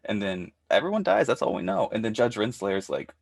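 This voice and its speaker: A man's voice: fairly low pitch, huge pitch swings, brisk, gravelly, no echo, clean studio sound. A man co-hosting a podcast, recapping a show in casual chat and retelling scenes with quoted voices. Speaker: podcast co-host.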